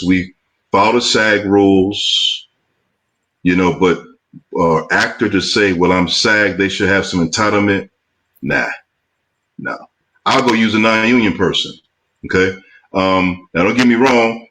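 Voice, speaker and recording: A man's voice: deep voice, fairly bright tone, poor audio. A man hosting a casual chat as a film producer, blunt and emphatic, on a video call. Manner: blunt, emphatic, drawn-out asides.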